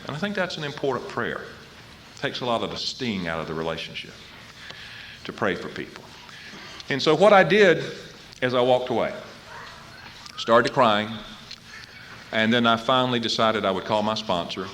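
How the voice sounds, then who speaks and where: A middle-aged man from North Carolina giving a personal recovery talk at a convention podium, telling his story in an animated way and acting out what others said. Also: mid-range voice, normal speed, pauses often, slight background noise. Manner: animated storyteller who acts out quoted voices. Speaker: recovery meeting speaker.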